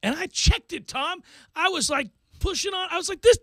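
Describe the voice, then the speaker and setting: High, bright-voiced man telling a story. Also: fairly quick, no room sound. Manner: animated, self-mocking storyteller. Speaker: radio show host. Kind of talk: talk radio storytelling. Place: radio studio.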